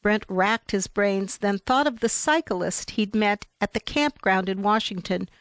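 Woman audiobook narrator, slow and measured, dry close sound. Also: mid-range voice, no room sound. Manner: measured, even storytelling. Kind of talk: scripted narration of a novel.

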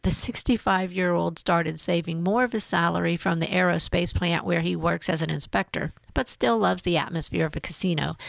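A woman reading a news feature aloud in a measured, even way. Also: lowish voice, creaky, no echo. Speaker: narrator.

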